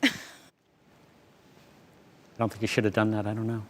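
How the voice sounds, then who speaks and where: A man's voice: on the low side, completely flat delivery, normal speed, a little hiss or hum. A man helping out on an online show on a video call, joking and playfully skeptical in casual banter. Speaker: show helper.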